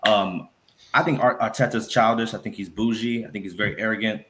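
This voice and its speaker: Ranting caller, slangy. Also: male voice, fairly low pitch, fairly even intonation, brisk, a bit bright. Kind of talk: casual chat.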